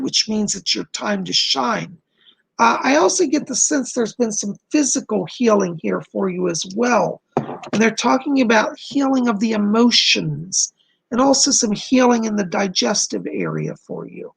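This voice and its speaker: A man doing live psychic readings on a stream, talking in a gentle, reassuring, chatty way to his viewers, and his voice is going hoarse. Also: high-pitched. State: losing his voice.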